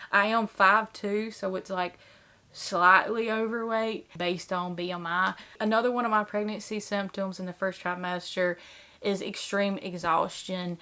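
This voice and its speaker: A woman's voice: mid-range voice, fairly bright tone. Chatty woman vlogging with filler words. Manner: chatty, earnest, lots of filler "like". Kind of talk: casual chat to camera.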